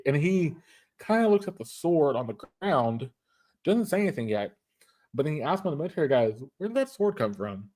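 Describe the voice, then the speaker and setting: A man's voice: fairly high pitch, big pitch swings, fairly quick, darkish tone. A man hosting a casual show, retelling an anime episode in a rambling way with many restarts. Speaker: podcast host.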